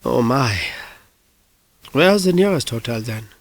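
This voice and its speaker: A man's voice: mid-range voice, lively intonation, slow pace, vocal fry, no room sound. A man reading an audiobook, voicing a courteous older man in his sixties with a foreign accent. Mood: polite. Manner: courteous, formal.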